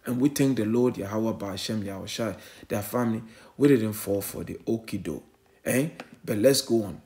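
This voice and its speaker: A man's voice: fairly low pitch, creaky, mellow. A man preaching an online sermon in a fervent, repetitive way, often asking "eh?" and addressing listeners as family.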